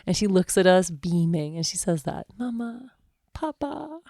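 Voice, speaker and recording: Woman, thirties, casual vlog storytelling, gushing and chatty, low pitch, dry close sound. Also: steady tone, moderate pace, warm tone, no room sound. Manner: chatty and emotional, full of "like" and "I mean". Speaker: vlogger.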